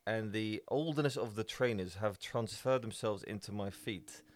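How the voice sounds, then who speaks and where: A man's voice: on the low side, moderate pace, dry recording. A man from the Netherlands with a Dutch accent, co-hosting a podcast, chatty and laughing, often trailing off mid-sentence. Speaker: podcast co-host. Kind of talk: casual chat.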